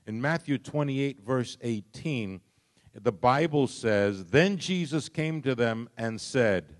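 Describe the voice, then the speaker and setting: A middle-aged man preaching a sermon, swinging from soft, low lines to loud, impassioned ones. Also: lively intonation, takes it slowly. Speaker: pastor.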